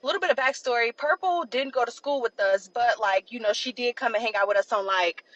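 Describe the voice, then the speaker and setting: A woman's voice: fairly high pitch, a little fast, a bit bright, dry recording, muffled recording. Chatty young woman telling a story. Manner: chatty, loose, peppered with "like" and "blah, blah". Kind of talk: casual storytime.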